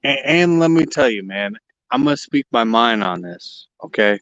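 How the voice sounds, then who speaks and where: A man's voice: mid-range voice, lively intonation, normal speed, a bit bright, dry recording. Opinionated man on a dull, dry remote feed. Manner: opinionated, emphatic. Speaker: livestream panelist. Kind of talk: casual chat about cigars.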